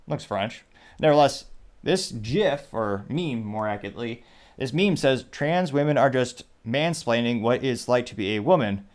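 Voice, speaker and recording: A man's voice: mid-range voice, expressive, normal speed. A male host in casual commentary mode, reading posts and memes aloud to his viewers. His voice sits in an ordinary middle range, and he drifts into wry, rambling asides between the quotes.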